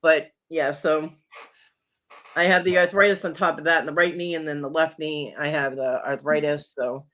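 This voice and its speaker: A woman guest in a casual chat, telling lively stories and acting out what people said. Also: deep voice, moderate pace. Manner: animated storyteller who acts out quotes. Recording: dull lo-fi call audio.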